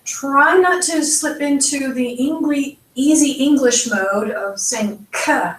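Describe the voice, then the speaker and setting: Slow, patient woman teaching pronunciation. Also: high voice, far from the mic, slight background noise. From United States. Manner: patient, careful, spells out sounds slowly. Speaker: Hebrew teacher. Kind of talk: slow step-by-step language lesson. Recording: echoey room, voice from off-mic.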